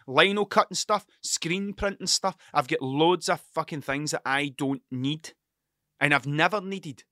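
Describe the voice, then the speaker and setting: A man's voice: fairly high pitch, a little slow, sharp tone, no room sound, studio quality. A young man rambling through a casual monologue at home, swearing constantly and mocking himself, hungover and short on sleep. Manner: heavy swearing, restless, self-mocking. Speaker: podcast host. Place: cluttered room at home.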